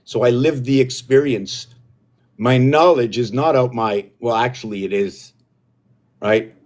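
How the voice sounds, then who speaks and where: Rambling, excitable man on a livestream. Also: medium pitch, unhurried. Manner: meandering, excitable, loses his own thread. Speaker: live stream host. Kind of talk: rambling solo livestream talk.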